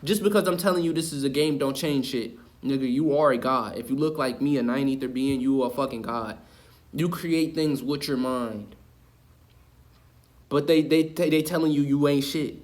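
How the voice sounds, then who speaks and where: A man's voice: medium pitch, normal speed, a little mellow. A man in a mid-range voice delivers an impassioned spiritual rant. He preaches hard, curses freely and circles back to repeat his points. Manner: preachy, profane, repeats himself for emphasis. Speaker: online video host.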